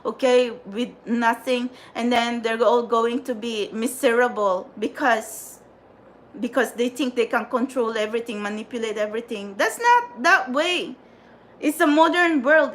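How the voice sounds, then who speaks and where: A woman's voice: a little high, slight background noise. A woman hosting a tarot livestream, ranting in an exasperated, repetitive, scolding way at her viewers. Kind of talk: frustrated livestream rant.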